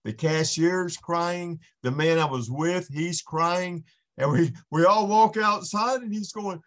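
A man's voice: sits high, a little slow. A man, a podcast guest, giving an impassioned faith testimony in an earnest storytelling manner with frequent restarts.

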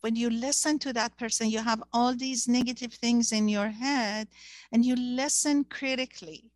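A woman's voice: a little high, steady tone, moderate pace, dry recording. A woman whose first language is Persian, talking in a casual discussion and searching for words with many fillers.

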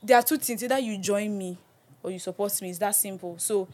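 A young woman with a Nigerian accent, co-hosting a casual podcast chat in an animated, emphatic way and slipping into Pidgin. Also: mid-range voice, fairly quick. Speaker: podcast co-host.

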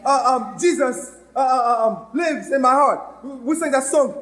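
A Haitian-accented man preaching in a church with a strikingly high, light voice. His sermon is fervent and driving, and he rises into loud, ringing outbursts. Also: moderate pace, hardly any pauses, a faint crowd. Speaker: pastor.

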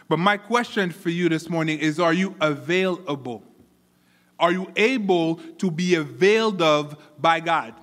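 Bright high-voiced man preaching in a reverberant hall. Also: moderate pace, hardly any pauses. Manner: animated, repeats words when building a point. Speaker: pastor. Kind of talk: sermon. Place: church.

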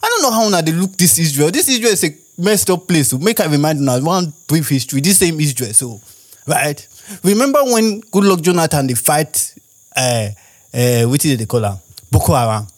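A man's voice: on the high side, big pitch swings, a little fast. A young Nigerian man with a Nigerian accent, rambling through a casual monologue as a podcast host and firing off rhetorical questions.

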